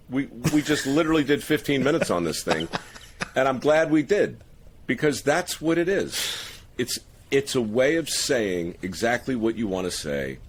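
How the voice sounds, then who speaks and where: A man's voice: medium pitch, a little hiss or hum. A man hosting a podcast, talking emphatically and laughing often in casual conversation. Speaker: podcast host.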